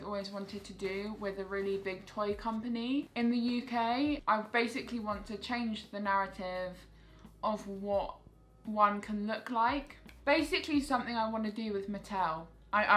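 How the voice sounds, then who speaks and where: Bright-voiced chatty teenage girl. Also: mid-range voice, steady tone, normal speed. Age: late teens. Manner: chatty, lots of "like" fillers. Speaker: YouTuber. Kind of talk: casual Q&A vlog chat.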